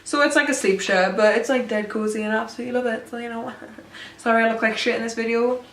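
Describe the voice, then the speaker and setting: Brief: young woman, bright higher voice, chatty self-mocking storyteller, roomy sound from a distant camera. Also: fairly even intonation, fast talker. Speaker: vlogger. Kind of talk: casual storytime chat to camera. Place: room at home. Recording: roomy sound from a far mic.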